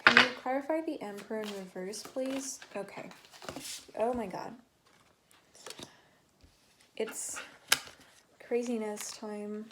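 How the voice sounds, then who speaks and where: A woman's voice: fairly high pitch, takes it slowly, pauses often, very noisy. Chatty woman rambling through a tarot reading. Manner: chatty, rambling, many fillers and restarts. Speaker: tarot reader. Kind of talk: casual tarot reading to camera.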